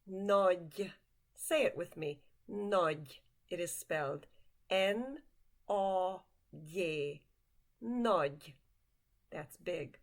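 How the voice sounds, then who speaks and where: A woman's voice: lowish voice, expressive, takes it slowly. A woman teaching basic vocabulary word by word, patiently asking the listener to repeat each one after her. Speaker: language teacher. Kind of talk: slow vocabulary lesson with repetition.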